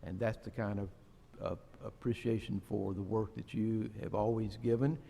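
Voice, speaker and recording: A man's voice: on the low side, steady tone, normal speed, gravelly, dark tone. A man at a board meeting adding conversational thanks to a colleague. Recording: echoey meeting hall.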